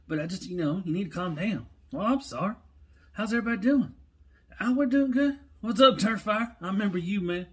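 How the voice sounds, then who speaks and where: A high, squeaky toy robot chatters away in loose, rambling banter, full of mock scolding and easy greetings, as a man puts him on for a playful skit. The voice sits far above a grown man's normal talk and stays soft and offhand. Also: slightly rough.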